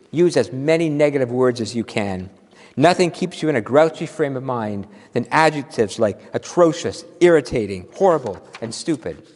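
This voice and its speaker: A man preaching a sermon as minister, playful and animated, drawing out his exclamations slowly for effect. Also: a little high. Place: church sanctuary. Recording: long hall reverb.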